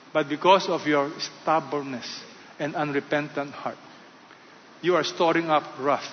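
A man preaching a sermon in short, emphatic phrases, rising loud and falling quiet. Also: a little high, a little hiss or hum. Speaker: pastor. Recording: dull sound with long hall reverb.

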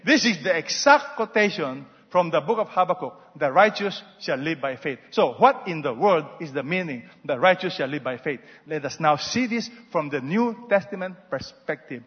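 A man preaching a sermon, swinging between loud exhortations and soft asides and having the congregation repeat after him. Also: fairly high pitch, expressive, normal speed, hardly any pauses, husky. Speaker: pastor. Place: large church hall. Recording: muffled sound with long hall reverb.

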